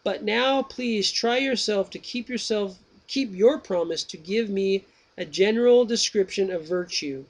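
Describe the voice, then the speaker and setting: Socrates, as a man reads him aloud, slow and lofty. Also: high voice, voice pushed up. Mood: probing. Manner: slow, measured, drawn-out reading. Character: Socrates, old male Greek philosopher, patient questioner.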